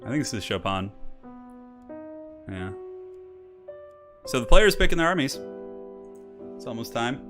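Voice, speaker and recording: A mid-range male voice, very animated but a little slow, with long pauses. He's the host and caster of a game tournament stream, offering casual live commentary that rambles, stays chatty, and breaks into frequent laughter. Faint classical music plays behind him.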